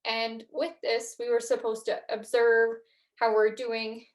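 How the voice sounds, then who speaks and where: A young woman hosting a podcast, talking gently through reflection and a guided breathing practice, with frequent fillers. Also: a little high, completely flat delivery, a little slow. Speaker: podcast host. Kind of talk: guided mindfulness talk.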